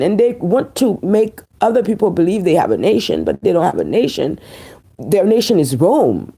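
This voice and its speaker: A woman from Haiti with a Haitian accent, giving an emphatic, preachy opinion commentary and repeating key phrases slowly for weight. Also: mid-range voice, vocal fry, warm tone, slightly rough.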